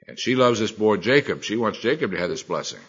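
A man's voice: on the low side, lively intonation, brisk, slightly rough, dull audio. A middle-aged man, a Bible teacher, preaching a sermon in a folksy, colloquial storytelling manner.

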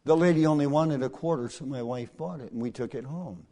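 A middle-aged male preacher delivering a sermon through folksy personal stories, swinging from hushed asides to loud, emphatic lines. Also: mid-range voice, fairly quick.

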